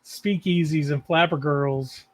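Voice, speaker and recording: A man in casual podcast chat, jokey and quick to laugh along. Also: on the high side, steady tone.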